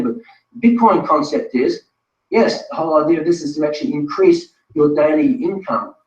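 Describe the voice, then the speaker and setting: A man's voice: fairly high pitch, a little mellow. A man presenting a live online webinar, talking straight to viewers in a chatty, self-correcting way. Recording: distant roomy lo-fi sound.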